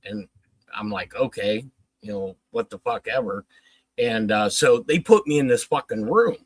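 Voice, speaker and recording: A man's voice: on the low side, moderate pace, dry recording, low-quality recording. A man casually telling a long story on a livestream, swearing often and acting out the dialogue. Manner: profane, animated retelling with quoted dialogue.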